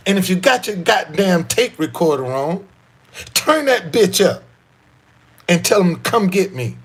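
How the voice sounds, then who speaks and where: A man's voice: sits high, sing-song, unhurried, slightly rough, heavily acted. A man voicing a profane, defiant male police officer who taunts as he talks. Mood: taunting.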